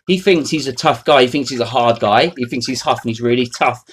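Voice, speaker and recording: A man's voice: medium pitch, a little fast, slightly rough. A man, ranting to camera in a rambling, foul-mouthed, mocking way. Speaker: vlogger. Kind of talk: unscripted rant to camera.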